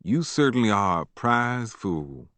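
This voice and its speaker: A man doing a cold, quiet uncle. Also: lowish voice, lively intonation, no echo, close to an everyday voice. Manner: quiet, slow, cutting. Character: cold, disapproving grown uncle.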